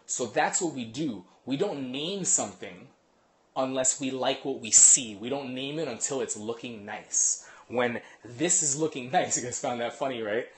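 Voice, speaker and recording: A man working as a dog trainer, casually explaining to a live audience in a quick, animated way, full of analogies. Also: medium pitch.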